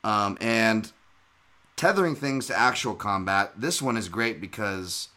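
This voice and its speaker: A man's voice: fairly low pitch, animated, a little slow, bright, forceful tone. A man hosting a podcast, chatting casually and rambling with lots of restarts. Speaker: podcast host. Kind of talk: casual chat.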